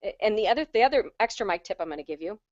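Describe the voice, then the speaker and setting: Woman vocal coach, middle voice, chatty and animated, on a video call; dry, slightly dull sound. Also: medium pitch, rapid-fire, no room sound. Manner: chatty, animated, self-deprecating teaching. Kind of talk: online webinar teaching. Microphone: handheld microphone on a stand.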